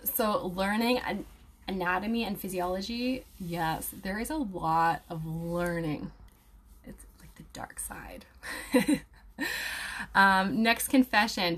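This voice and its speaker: A woman's voice: mid-range voice, fairly bright tone. A young woman, an aromatherapy student, chatting casually with viewers and reading their comments aloud, with lots of fillers and laughs. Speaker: aromatherapy student and live-stream host.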